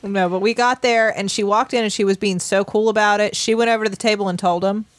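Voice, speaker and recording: Woman, 30s; animated storytelling co-host, dry booth sound. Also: mid-range voice, fast, dry recording. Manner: animated storyteller, laughs often, acts out quotes. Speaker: podcast co-host. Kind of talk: casual chat, telling a story.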